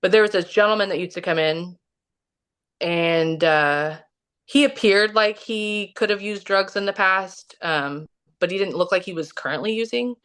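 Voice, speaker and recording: A woman's voice: medium pitch, normal speed, a bit bright, clear, resonant tone. A woman from the US Midwest, a podcast guest telling a story in a casual, rambling way, full of "like" and restarts. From Kansas City, Missouri, US. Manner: rambling, heavy use of "like" and restarts.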